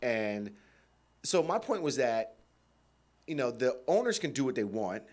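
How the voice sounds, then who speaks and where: A man's voice: mid-range voice, big pitch swings, measured pace, darkish tone. A man co-hosting a radio show, talking sports casually, rambling with lots of fillers and frequent laughter.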